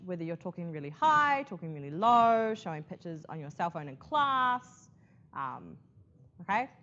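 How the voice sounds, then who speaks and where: A woman's voice: lowish voice, a bit bright. A woman teaching a class about presentation skills, chatty, checking in often with "okay?". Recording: muffled classroom recording.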